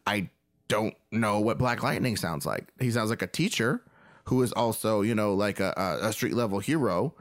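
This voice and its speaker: A man's voice: on the low side, moderate pace, dry recording, clean studio sound. A man hosting a podcast in casual chat, rambling with frequent restarts and swearing. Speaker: podcast host.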